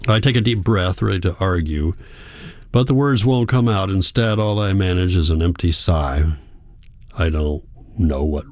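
A man giving a calm, measured first-person audiobook narration. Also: sits low, no echo.

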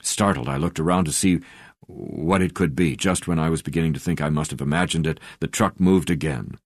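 A man reading a memoir aloud as an audiobook narrator, in a measured, unhurried way with soft drops in volume. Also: extremely low pitch, no echo, clean studio sound.

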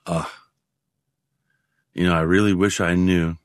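A man in his sixties, a guest in a reflective interview, talking in a halting, rambling way with many restarts. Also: sits low, level tone, no echo, studio quality. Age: 60s.

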